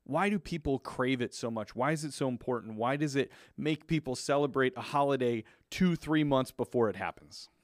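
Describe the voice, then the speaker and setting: A man's voice: mid-range voice, normal speed, hardly any pauses, dry recording, clean studio sound. A man co-hosting a podcast, asking curious, eager questions in casual chat. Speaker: podcast co-host. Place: studio in Southern California.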